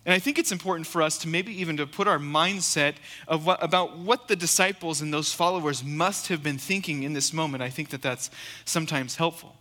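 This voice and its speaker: A man's voice: on the high side, fairly quick, bright, forceful tone, in a large hall. A man preaching a sermon, reading scripture and then explaining it in an earnest, emphatic way, repeating key phrases. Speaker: guest preacher.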